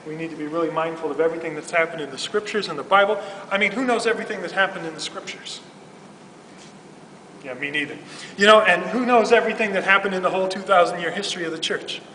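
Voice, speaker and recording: A man's voice: high voice, fast, bright, forceful tone, slight background noise. A man, a youth minister, giving a casual, humorous religious talk full of "like" and "you know". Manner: chatty, humorous, filler-heavy. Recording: roomy hall from far off.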